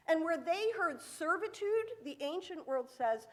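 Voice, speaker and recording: Woman, sermon, high-pitched, very animated delivery, rhetorical questions, long hall reverb. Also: brisk, few pauses. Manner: animated storytelling, acting out quotes, rhetorical questions. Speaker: sermon speaker. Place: synagogue sanctuary. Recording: echoey hall.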